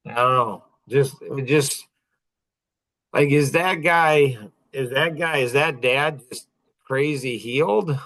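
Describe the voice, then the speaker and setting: A man in his sixties tells a story in a laid-back podcast conversation at an unhurried pace. He rambles and restarts often, and his voice sits at a middling pitch. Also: fairly bright tone, low-quality recording. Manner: rambling and halting, with many fillers and restarts.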